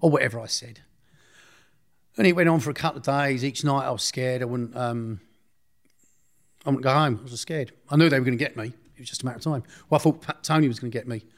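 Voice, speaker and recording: A man's voice: mid-range voice, fast. A man recounting a personal story in an interview, blunt and slangy, often restarting his sentences.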